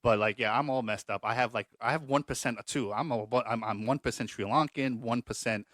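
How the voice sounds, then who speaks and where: A man's voice: medium pitch, brisk, fairly bright tone, no room sound, studio quality. A man hosting a casual quiz show podcast, joking and swearing as he reads out the questions. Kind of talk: casual game show chat.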